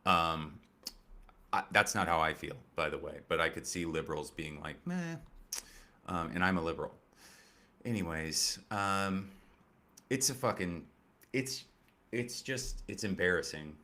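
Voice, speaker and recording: A man's voice: low voice, unhurried, sharp tone. A man hosting a comedy commentary show, rambling and sarcastic with lots of swearing and filler words. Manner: profane, rambling and sarcastic, with many fillers and restarts. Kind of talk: casual political comedy commentary.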